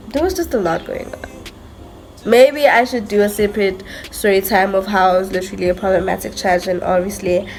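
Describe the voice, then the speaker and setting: A young woman vlogger telling a story in a chatty, self-mocking way, full of "like" and "literally". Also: mid-range voice. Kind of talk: casual storytime monologue.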